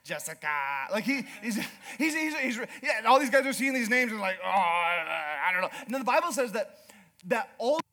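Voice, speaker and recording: A man preaching a sermon as pastor, retelling scripture in a hushed voice and building to loud, fervent declarations, often repeating words as he restarts. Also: very high-pitched, a little fast.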